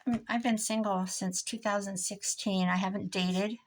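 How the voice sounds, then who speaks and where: A woman's voice: medium pitch, steady tone, normal speed. An older woman chatting casually and rambling in a mock-grumpy way as she works on a craft project. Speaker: crafting vlogger. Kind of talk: casual chat while crafting.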